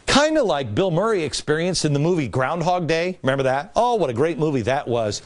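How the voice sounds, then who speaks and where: A man in his forties giving a mocking, theatrical commentary monologue. His fairly high voice swoops up and down with lively pitch, jumping between mock-cheerful highs and low, dry asides. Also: fairly quick, few pauses. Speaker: TV political commentator. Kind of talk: sarcastic opinion monologue.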